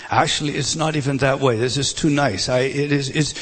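Male preacher, husky voice, emphatic sermon delivery that stumbles and restarts, rising loud then dropping soft. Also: medium pitch, steady tone, brisk. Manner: emphatic, repeats words and restarts, swings between loud and hushed.

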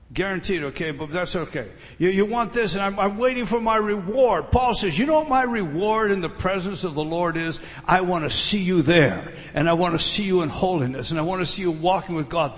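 A man's voice: high-pitched, fairly bright tone, big-room sound. A middle-aged man preaching a sermon, emphatic, often repeating words and putting questions to his listeners. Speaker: pastor.

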